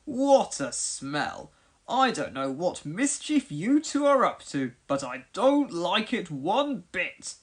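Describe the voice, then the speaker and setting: A slow, suspicious village man from a children's storybook, put on by a woman reading. He drawls his doubts in an unhurried voice. It is a read-along voice. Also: on the low side, big pitch swings, slightly rough, exaggerated voice.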